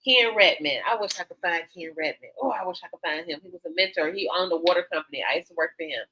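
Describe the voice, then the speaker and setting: A woman's voice: on the low side, fast, bright, forceful tone, a little hiss or hum. An older woman hosting a radio talk show, speaking frankly and animatedly, acting out quotes as she tells stories. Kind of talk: candid casual talk show conversation. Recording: slightly dull lo-fi sound.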